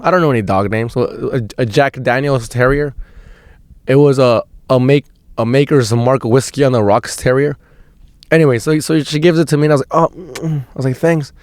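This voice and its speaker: A man's voice: mid-range voice, a little mellow, no room sound. A young man hosting a podcast, telling a rambling, slangy story with lots of "dude" and swearing. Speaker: podcast host. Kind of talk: casual storytelling monologue.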